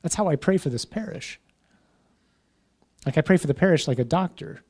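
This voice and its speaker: A man's voice: a little high, expressive, normal speed, a little mellow, husky. A man, a parish priest, teaching a class in an informal conversational way, often checking in with "right?" and "huh?".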